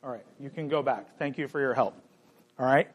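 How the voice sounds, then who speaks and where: A man's voice: medium pitch, fast talker. A middle-aged man preaching a sermon, conversational and playful, joking with his congregation. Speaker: pastor. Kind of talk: sermon with a live demonstration.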